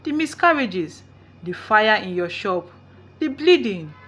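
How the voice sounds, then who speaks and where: A woman's voice: mid-range voice, very animated, takes it slowly, a bit bright, breathy edge, full character voice. An old grandmother mutters her guilt in a pleading voice, as a woman storyteller acts her out. She sounds worn and sorry, a figure from a spoken folktale. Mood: remorseful. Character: old grandmother confessing, remorseful.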